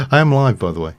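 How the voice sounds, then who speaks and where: A middle-aged man, chatting in a rambling way while he livestreams a game. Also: mid-range voice. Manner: rambling, chatty, with fillers and chuckles. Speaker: live streamer. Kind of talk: casual chat while playing a game.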